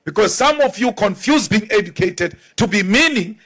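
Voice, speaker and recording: High-voiced politician. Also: male voice, lively intonation, normal speed, fairly bright tone. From South Africa. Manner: emphatic, mocking, rousing. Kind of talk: political speech.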